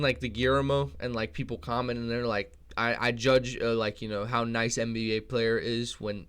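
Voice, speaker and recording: A young man with a smooth, mid-range, slightly bright voice hosts a channel, wandering through casual commentary. He curses plenty and often starts over mid-thought.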